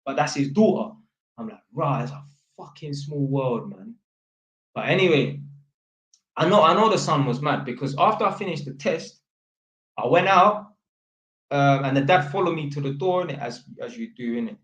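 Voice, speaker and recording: An electrician tells a story for his vlog, rambling in heavy slang and often stopping to start over. His voice is expressive and a bit bright, pitched slightly high for a man, at a moderate pace. The room is roomy, with a clear echo around him.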